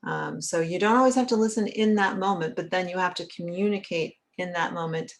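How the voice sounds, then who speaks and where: A woman's voice: lowish voice, brisk, hardly any pauses. A middle-aged woman therapist talking in a conversational, earnest way, often checking in with "right?". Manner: earnest, often asks "right?" and acts out little quotes. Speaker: licensed therapist and author. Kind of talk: conversational teaching talk.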